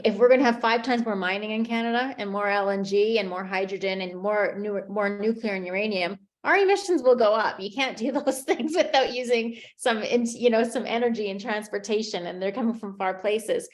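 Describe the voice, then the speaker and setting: A woman's voice: medium pitch, moderate pace. A woman moderating a panel discussion, adding her own views and steering the talk with questions to the panelists.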